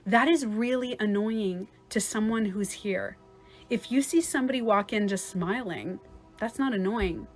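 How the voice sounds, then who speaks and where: Casual woman coach chatting on a live stream, swears a bit, mid-pitched voice. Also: a little slow, a little mellow, faint music behind. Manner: chatty, swears, acts out other people's voices. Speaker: life coach. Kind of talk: casual livestream talk.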